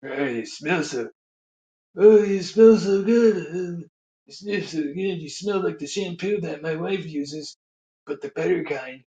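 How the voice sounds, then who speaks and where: A man voicing a creepy old male politician in a breathy, hushed whisper. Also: a little high, measured pace, echoey room, natural voice.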